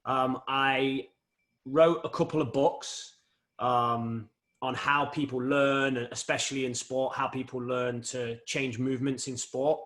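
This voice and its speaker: A man from England with a Midlands accent, answering interview questions in a measured way, often pausing with ums. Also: mid-range voice, level tone, a bit bright. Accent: English Midlands. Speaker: podcast guest.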